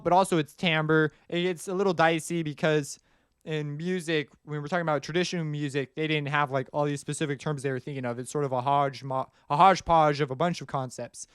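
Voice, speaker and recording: A man's voice: fairly high pitch, steady tone, fairly quick, clean tone, dry recording. Casual man scatting beats, dry close mic. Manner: casual and rambling, scats rhythms aloud. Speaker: music production tutor. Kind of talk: screen-recorded tutorial explanation.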